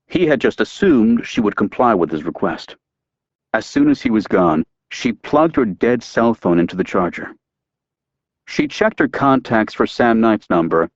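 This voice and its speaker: A man narrating an audiobook in a measured, even way. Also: fairly low pitch, no room sound, lo-fi sound.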